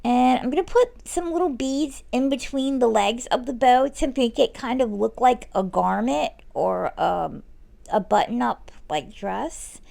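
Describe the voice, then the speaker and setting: A woman narrates a nail art tutorial over her work, explaining each step casually and correcting herself as she goes. Her voice sits a little high and is heavily gravelly with vocal fry. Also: measured pace. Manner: relaxed, self-correcting, chatty instruction. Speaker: nail artist.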